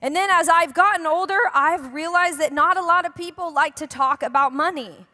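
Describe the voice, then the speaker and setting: A woman's voice: very high-pitched, moderate pace, bright, forceful tone. A young woman preaching a sermon in a church, chatty and joking with the congregation. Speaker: pastor. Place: church hall. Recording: long hall reverb.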